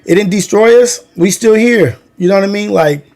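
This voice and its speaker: A man from Long Beach spins stories from his teenage years in a loose, rambling way, with lots of "like" and slang. His voice sits a bit high for a man. He talks casually to a livestream chat. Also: normal speed, darkish tone. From Long Beach, California. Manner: loose slangy storytelling, many fillers. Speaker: livestream host.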